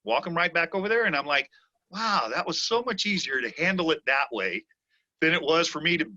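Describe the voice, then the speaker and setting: A man's voice: a little high, animated, a little fast, bright, forceful tone. A man hosting a podcast and talking about martial arts and refereeing in a casual, earnest way. He often repeats himself and asks "you know what I'm saying?". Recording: dull lo-fi audio.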